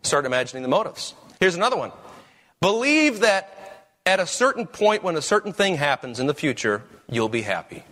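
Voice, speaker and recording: A man's voice: a little high, big pitch swings, moderate pace, a bit bright. A man preaching a sermon as pastor, with emphatic, rising questions.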